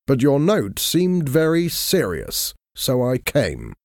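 A man's voice: mid-range voice, huge pitch swings, slow pace, gravelly, a little mellow, no room sound, voice pushed up, heavily acted. Brief: shocked male scientist, curt and cold, voiced by a man, dry close sound. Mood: refusing. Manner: stiff, refusing.

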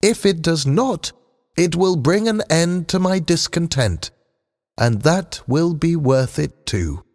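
A calm, earnest robot who longs to be human, voiced by a man reading a storybook aloud. He speaks slowly and in a raised, lively pitch. A long reverb hangs around him.

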